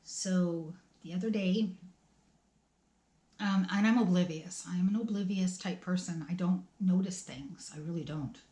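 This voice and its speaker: A middle-aged woman vlogging about her family's loss, talking in a halting, emotional way with many restarts. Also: lowish voice, dark tone, roomy sound. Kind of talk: tearful personal vlog talk.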